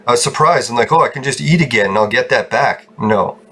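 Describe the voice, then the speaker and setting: A man streams a game from his bedroom, ranting angrily, swearing nonstop and rambling along. His medium-pitched voice is bright, forceful and expressive, and he talks quickly. There's a little background noise.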